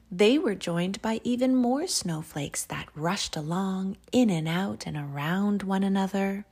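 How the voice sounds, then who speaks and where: A woman reads a children's picture book aloud in a soft, half-whispered, soothing voice. Her tone is husky with a gravelly fry, and she takes her time with every phrase. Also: mid-range voice. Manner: hushed, slow and soothing. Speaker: storyteller host.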